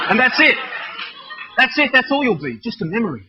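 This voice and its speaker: A man's voice: very high-pitched, big pitch swings, slow pace, pauses often, highs cut off. An Australian man in his thirties performing rhyming spoken-word poetry in a rhythmic, wry, self-mocking delivery. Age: 30s.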